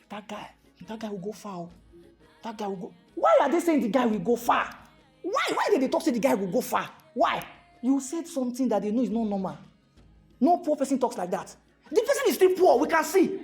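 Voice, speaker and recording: A Nigerian man giving a motivational talk to a live audience, animated and fond of repeated rhetorical questions, slipping into pidgin. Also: very high voice. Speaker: motivational speaker.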